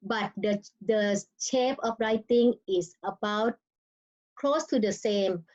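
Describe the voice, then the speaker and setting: A woman's voice: mid-range voice, slow pace, a little mellow, muffled recording. A woman with a Thai accent teaching her language in an online lesson, speaking non-native English and sounding out words tone by tone. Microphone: video call.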